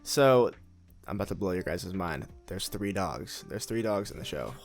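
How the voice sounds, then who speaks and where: A man's voice: deep voice, normal speed, vocal fry, over loud music. A young man co-hosting a podcast, eagerly sharing trivia in casual chat. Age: young adult. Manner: excitable, shares trivia with relish. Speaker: podcast co-host.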